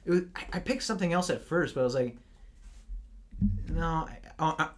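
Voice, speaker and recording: A man's voice: on the high side, animated, normal speed. A young man co-hosting a podcast in casual chat, rambling and stammering through restarts as he recaps a movie. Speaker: podcast co-host.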